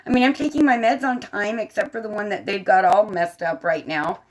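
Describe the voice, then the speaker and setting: A woman's voice: mid-range voice, fairly quick. A woman with a faint Southern American accent, chatting casually to her livestream audience from bed while she colors, laughing often and answering the chat. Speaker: livestream host and artist. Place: bedroom, propped up in bed.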